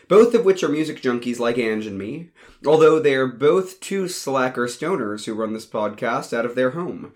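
A man's voice: medium pitch, expressive, normal speed. Wry male audiobook narrator. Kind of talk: first-person audiobook narration.

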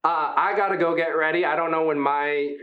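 A man voicing a huge, gentle, triceratops-like male arena performer who gives friendly, rambling pep talks. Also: on the high side, steady tone, a little fast, narrow, tinny audio, voice pushed up, close to an everyday voice. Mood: chatty.

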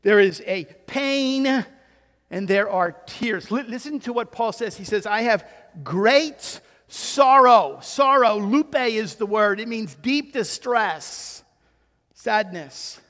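A man's voice: high-pitched, expressive, takes it slowly. A man preaching an expository sermon, emphatic and given to rhetorical questions and repeated words. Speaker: pastor. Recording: long hall reverb.

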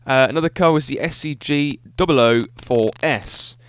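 A man's voice: medium pitch, normal speed, clear, resonant tone. A man hosting a solo podcast, talking in an enthusiastic, rambling way and often correcting himself. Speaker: podcast host. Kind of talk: solo casual podcast monologue.

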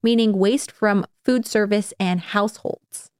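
A woman's voice: medium pitch, measured pace, a little mellow, clean tone, dry recording, studio quality. A young woman co-hosting a podcast in casual, chatty talk, rambling a little with fillers. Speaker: podcast co-host. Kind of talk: casual chat.

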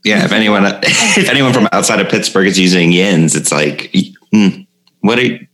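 A man hosting a comedy podcast in casual chat, laughing a lot and speaking in halting phrases. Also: low voice, expressive, fairly bright tone, rough recording. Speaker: podcast host.

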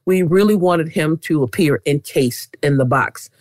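A middle-aged woman talking as a guest about quilting, animated and keen on saying "literally.". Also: deep voice, unhurried, dry recording. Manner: animated, leans on "literally" often. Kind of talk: casual interview chat.

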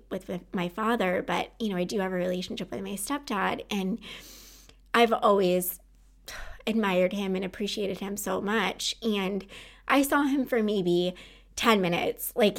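A woman in her thirties speaks as a podcast host, earnest and encouraging. Her voice has a gravelly fry running through it at a middling pitch. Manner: earnest and encouraging, warm laughs. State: tearful at times. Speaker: podcast host and anxiety coach. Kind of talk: heartfelt solo podcast talk.

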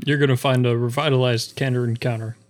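A man's voice: medium pitch, fairly even intonation, fast talker, faint music behind. A man co-hosting a podcast, casually pointing listeners to the show's pages. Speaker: podcast co-host.

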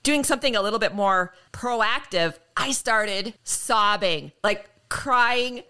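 A woman hosting a podcast, telling stories in a casual, animated way and laughing often. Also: a little high, slow pace, smooth. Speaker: podcast host. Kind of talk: casual chat.

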